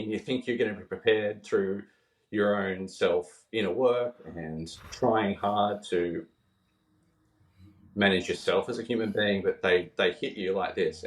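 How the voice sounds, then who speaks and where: A man's voice: fairly low pitch, echoey room, distant mic. A man, a podcast guest telling heartfelt stories in conversation. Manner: earnest, heartfelt, quoting others as he tells stories. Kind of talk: emotional storytelling in conversation.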